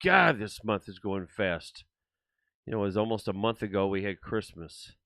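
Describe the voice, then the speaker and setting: A man's voice: lowish voice, expressive, moderate pace, creaky, fairly bright tone, no echo. An older man hosting his own livestream show, talking alone to viewers in a rambling, frustrated way, with many restarts. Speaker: show host. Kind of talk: solo livestream talk.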